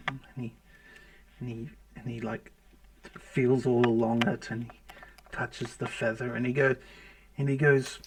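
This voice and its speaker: A man narrating as the game master of a tabletop game, halting, with many fillers and restarts. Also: medium pitch, little pitch movement, background noise.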